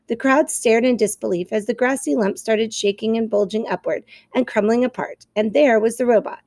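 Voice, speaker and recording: A woman teacher reading a children's novel aloud to her class, expressive and clear, stopping to explain. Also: fairly high pitch, normal speed, no room sound, studio quality.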